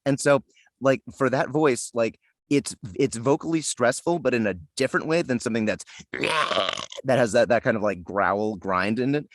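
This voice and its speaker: A man's voice: mid-range voice, moderate pace, no room sound. Chatty man in a dry, close room. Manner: chatty, self-deprecating, lots of fillers and restarts. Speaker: voice actor guest. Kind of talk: casual interview chat.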